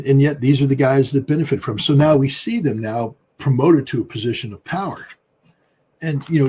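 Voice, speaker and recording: A man with a husky voice giving political commentary in an interview, talking in an emphatic, combative way. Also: a little hiss or hum. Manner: emphatic and combative, with big swings in pitch and loudness. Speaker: political commentator, former weapons inspector.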